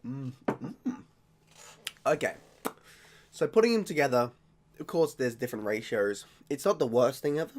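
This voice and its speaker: A man's voice: medium pitch, animated, moderate pace, long pauses. Rambling, jokey Australian man. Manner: rambling, jokey and self-mocking. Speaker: vlogger. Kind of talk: casual beer-tasting vlog.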